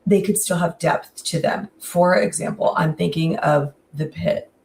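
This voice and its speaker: A woman's voice: lowish voice, a little slow, gravelly, far from the mic. A woman in casual podcast chat, reviewing a series animatedly with lots of "like" and emphatic asides. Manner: animated, frequent "like" and laughs, exaggerated emphasis.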